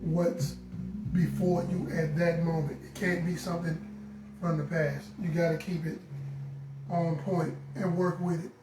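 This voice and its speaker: A man's voice: fairly high pitch, level tone, unhurried, distant mic. A man co-hosting a live relationship talk stream, giving earnest advice and repeating his points. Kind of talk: casual live-stream chat. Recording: roomy sound with guitar music behind.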